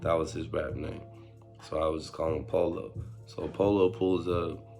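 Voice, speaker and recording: A man's voice: rumbling low, moderate pace, creaky, soft background music. A young man casually telling a story in street slang, acting out what others said. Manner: street slang, animated retelling with quoted voices.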